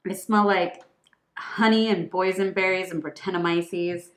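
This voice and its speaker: A woman with a notably low voice co-hosts a casual wine tasting and explains regions and makers. She talks casually and knowledgeably. The room around her is echoey. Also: steady tone, a little slow. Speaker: co-host, wine shop worker.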